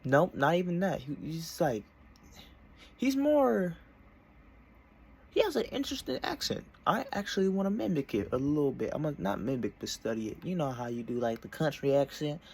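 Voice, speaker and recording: A man's voice: on the high side, big pitch swings, moderate pace, darkish tone, slightly rough. A young man in a casual vlog, talking from his desk in a meandering, self-interrupting way. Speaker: vlogger.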